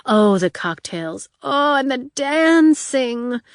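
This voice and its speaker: A woman's voice: sits high, expressive, no room sound, pitched above the performer's own voice, exaggerated voice. Lady putting on a vain flashy villainess, drawly and over the top, dry close sound. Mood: wistful. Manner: drawling, theatrical, drawn-out words. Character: flamboyant glamorous female supervillain, vain.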